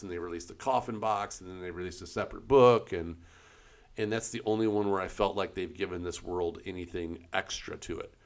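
A man co-hosting a casual tabletop gaming podcast, rambling and hunting for words with frequent fillers. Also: sits low. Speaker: co-host, game store staff.

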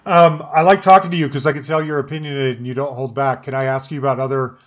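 A man's voice: mid-range voice, little pitch movement, fast. A man hosting a podcast interview, asking short, friendly questions. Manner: short prompts and frequent backchannel laughs. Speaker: podcast host. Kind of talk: casual interview chat.

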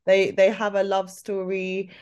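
A woman from Britain guesting on a podcast, giggly and rambling as she improvises a film pitch. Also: monotone, unhurried, darkish tone, clear, resonant tone. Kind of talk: casual chat, improvised pitch.

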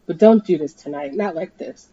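A woman reading a tense story aloud, her voice rising to shouts in the dramatic scenes. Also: deep voice, moderate pace, slightly rough, no echo, muffled recording. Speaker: podcast host and story reader.

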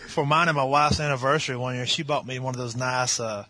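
Bright-voiced joking man. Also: medium pitch, steady tone, fast, no echo. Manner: slangy, joking, crude humor. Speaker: podcast guest. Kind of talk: casual podcast banter.

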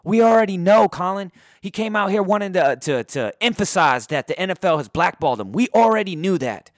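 A man's voice: sing-song, brisk, no echo, clean studio sound. Heated, profane man ranting about sports. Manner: heated, profane, swings between loud outbursts and low muttering. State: voice going hoarse. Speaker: sports podcaster. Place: indoors.

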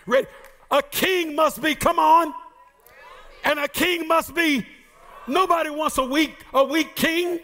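High, bright-voiced shouting preacher. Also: male voice, fairly even intonation, unhurried, long pauses. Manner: shouting, sing-song preaching with playful asides. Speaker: pastor. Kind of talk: sermon.

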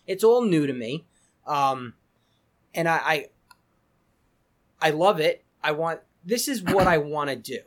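A man's voice: on the high side, animated, unhurried, long pauses. Chatty New man, stumbling restarts. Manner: rambling, many restarts and repeated words. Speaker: guest, cigar company founder. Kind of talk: casual podcast interview.

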